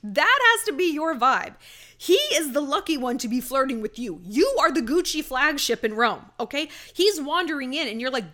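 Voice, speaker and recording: Woman podcast host, blunt and sassy dating advice, bright voice, very lively intonation. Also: sits high, moderate pace. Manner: sassy, emphatic, swearing. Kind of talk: casual advice monologue.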